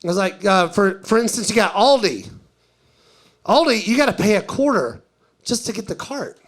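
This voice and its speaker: A man's voice: sits high, very animated, normal speed. A man doing live stand-up, telling a story in a drawling, conversational way and quoting other people. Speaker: stand-up comedian. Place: live comedy venue.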